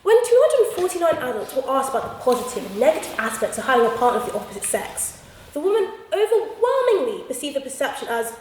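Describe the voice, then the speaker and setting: A woman's voice: high voice, big pitch swings, fast, slight background noise. A young woman giving a humorous debate speech with punchy, theatrical comic delivery. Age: young adult. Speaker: student debater. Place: debating chamber. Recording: echoey hall from far off.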